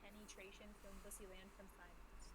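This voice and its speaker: A woman's voice: mid-range voice, little pitch movement, brisk, heavy background noise. A woman playing a comic tabletop role-play game on a stream, chatting with giggly, self-mocking banter. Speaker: player.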